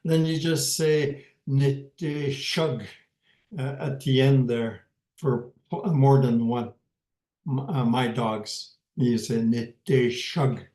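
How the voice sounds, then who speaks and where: A man teaching a language class slowly and patiently, pausing often and repeating words as he explains them. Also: mid-range voice, steady tone, warm tone. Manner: hesitant, many pauses and fillers, repeats words. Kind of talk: slow, patient language lesson. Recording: roomy echo.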